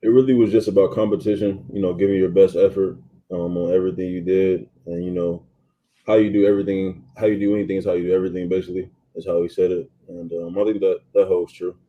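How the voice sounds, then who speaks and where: A young man in his twenties, a college football player, giving relaxed interview answers full of ums and you-knows. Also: sits low, fairly quick, dull audio. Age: 20s. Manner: laid-back, many ums and you-knows. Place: athletes' training facility.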